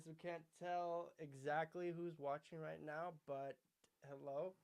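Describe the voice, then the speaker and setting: A young man co-hosting a casual livestream, with a slightly raspy smoker's voice, chatty and swearing often. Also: fairly high pitch, steady tone, unhurried, darkish tone. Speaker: podcast co-host.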